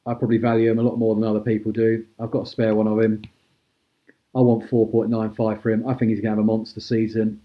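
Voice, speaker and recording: A man hosting a live-stream auction, chatty and brisk as he calls out prices and thanks bidders. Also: on the low side, completely flat delivery, lo-fi sound. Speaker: host auctioning cards.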